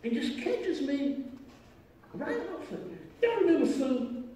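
A man, preaching a sermon as pastor, telling a story and moving between quiet talk and shouting. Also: very high voice, big pitch swings, slow. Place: church sanctuary. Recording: echoey church room from far off, faint noise.

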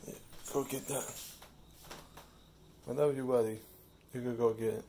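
A man reading a devotional slowly, stopping and restarting often, then talking fondly to his cat at home. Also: medium pitch, steady tone, a little hiss or hum. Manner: slow, halting reading with restarts; fond, soft talk to his cat.

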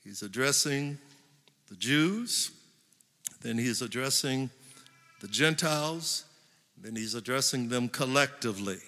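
Man preaching, bright forceful tone, emphatic drawn-out stresses, long church reverb. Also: medium pitch. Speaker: pastor. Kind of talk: sermon. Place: large church hall.

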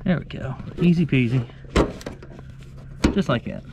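DIY garage host, mid-pitched man talking while wrenching on a car, grumbles at parts, clanking noise behind. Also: a little slow, muffled recording. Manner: muttering at stubborn parts while working. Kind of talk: casual hands-on car repair tutorial.

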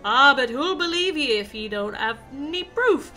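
A woman voicing a big, kindly male giant groundskeeper in a rough, put-on rural accent. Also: high-pitched, expressive, moderate pace, sharp tone, faint music behind. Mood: gruff, kindly.

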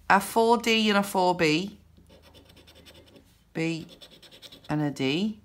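A woman hosting a scratchcard video, counting numbers aloud in casual narration with bursts of excited whoops. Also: lowish voice. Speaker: scratchcard channel host.

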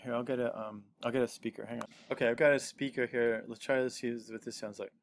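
A man teaching a casual screencast software tutorial, rambling a little and checking in with "okay?". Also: mid-range voice, fairly even intonation, fast talker, slight background noise.

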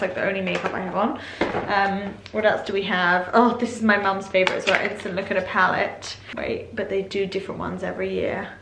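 A young vlogger opens packages in her bedroom, talking casually and gushing with excitement, exclaiming constantly. Her voice has a medium pitch and a roomy sound, with some background noise present.

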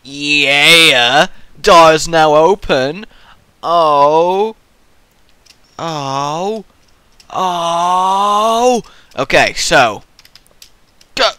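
A young man hosting a gaming video, talking in an excitable, rambling way and acting out the player's thoughts in silly voices. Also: fairly high pitch, very slow, pauses often, clear, resonant tone, no echo. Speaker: gaming channel host. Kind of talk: Let's Play commentary.

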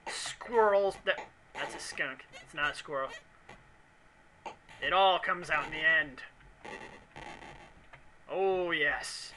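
A man's voice: on the high side, pushed and bright, a little hiss or hum, poor audio. A man commenting on a video game he is playing, in rambling, mock-angry, jokey rants. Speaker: let's play commentator.

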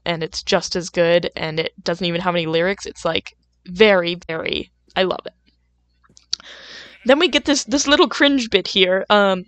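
A woman's voice: fairly low pitch, no echo. Chatty young woman yapping while gaming. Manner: chatty, self-deprecating, lots of fillers and asides; sudden loud playful outbursts. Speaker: gaming video creator. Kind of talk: rambling casual chat while playing.

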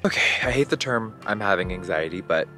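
A chatty man narrates his vlog outdoors in a pasture and talks straight into a handheld camera. His pitch swings widely and his delivery is animated, with frank asides and casual swearing. Soft music plays faintly under his voice. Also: fairly quick. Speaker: vlogger. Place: outdoors in a ranch pasture at dawn. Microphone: handheld camera mic.

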